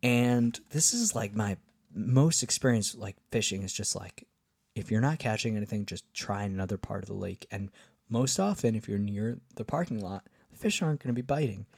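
A man's voice: lowish voice, normal speed, vocal fry, darkish tone, husky, no room sound, clean studio sound. A man hosting a podcast, telling a casual travel story in a rambling way, with lots of fillers and restarts. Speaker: podcast host.

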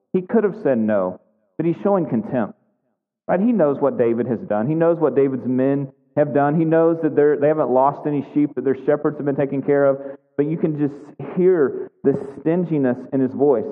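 A man preaching a sermon in a conversational way, often tagging on "right?" as he goes. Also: a little high. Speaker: pastor. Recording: tinny phone-like sound with long hall reverb.

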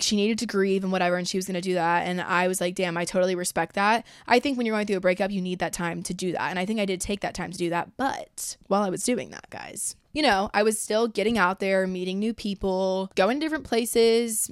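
A woman's voice: medium pitch, smooth, no room sound, clean studio sound. A young woman in her twenties hosting a podcast, talking casually in a blunt, profane, chatty way. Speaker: podcast host. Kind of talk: casual chat.

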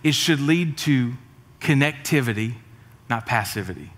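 A middle-aged man, preaching a sermon with jokes and energetic, rising emphasis. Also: medium pitch, moderate pace. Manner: energetic, joking, rising to shouts. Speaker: pastor. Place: church auditorium. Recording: reverberant church hall.

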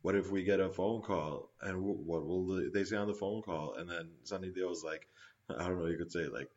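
Deep-voiced sarcastic man on dull audio. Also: brisk, a little mellow. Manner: dry, sarcastic quips. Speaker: podcast co-host. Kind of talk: casual film review chat.

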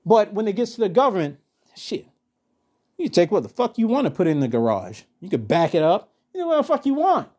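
Profane, ranting man with a mellow voice. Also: sits high. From Texas. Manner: blunt, heavily profane, animated ranting. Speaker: podcast host. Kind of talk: profane political rant and storytelling.

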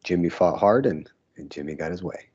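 A man's voice: low-pitched, a little fast, warm tone, breathy edge, muffled recording. A man casually recalling old matches in an interview, a laid-back storyteller who laughs often. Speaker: former pro wrestler guest.

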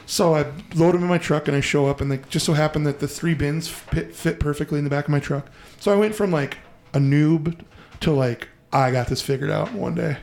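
A man hosting a podcast, telling a story in a casual, profane, animated way and acting out the voices he quotes. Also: a little high, a little fast, gravelly. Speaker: podcast host.

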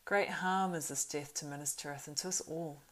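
A woman's voice: deep voice, fairly even intonation, moderate pace, fairly bright tone, rough recording. A woman voicing a proud young male horse-lord marshal in an audiobook reading, earnest and urgent. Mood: dismayed.

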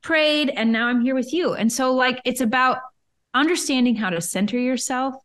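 A woman who coaches entrepreneurs, a guest telling a personal story in an interview, chatty and lively, often acting out her own past thoughts. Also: high voice, moderate pace. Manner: lively, self-quoting, chatty with frequent "like".

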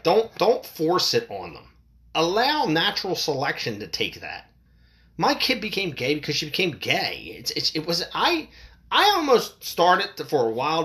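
An adult parent delivering a heated, profane opinion rant to camera, voice jumping higher when worked up. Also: fairly bright tone.

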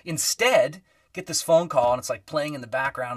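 A man's voice: a little high, fast talker, far from the mic. A man, a guest musician, telling stories in casual podcast chat, acting out quoted voices with lots of fillers. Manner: animated storyteller, acts out quoted voices, many fillers.

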